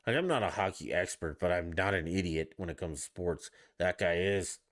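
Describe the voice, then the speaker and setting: Low-voiced man ranting on a podcast. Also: moderate pace, fairly bright tone. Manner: ranting, profane, exasperated. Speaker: podcast host. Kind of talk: solo sports rant podcast.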